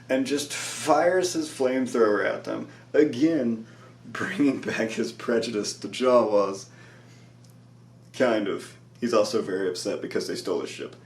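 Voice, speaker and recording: A man with a somewhat low voice recaps a show episode in a loose, tired ramble full of "like" and little laughs. He sits well back from the mic in a bare, echoey room. A faint electrical hum runs under his voice. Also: a little slow, distant mic. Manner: rambling, lots of "like", laughs often.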